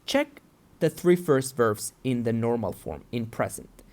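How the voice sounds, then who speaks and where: A woman's voice: extremely low pitch, very animated, unhurried, darkish tone. A woman teaching English grammar and pronunciation in a recorded lesson, explaining patiently step by step and checking in with the learner.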